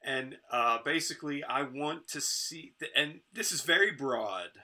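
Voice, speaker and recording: A man's voice: fairly high pitch, measured pace, bright, forceful tone. A man as a podcast guest in casual chat, telling stories in a laid-back way.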